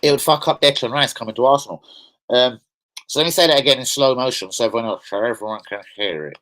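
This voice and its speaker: A man hosting a football fan stream, talking in an excitable, slangy, profane, rambling way. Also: medium pitch, fast, poor audio. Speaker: host of a football fan channel. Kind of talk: casual live-stream chat.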